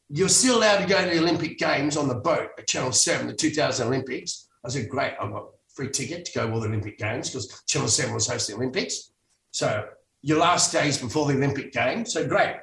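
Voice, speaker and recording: An Australian man, a former actor, telling lively stories about his career as a podcast guest, acting out what he said back then. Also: mid-range voice, fairly quick, creaky, echoey room, distant mic, poor audio. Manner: animated storyteller acting out his own past lines. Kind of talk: storytelling in podcast interview.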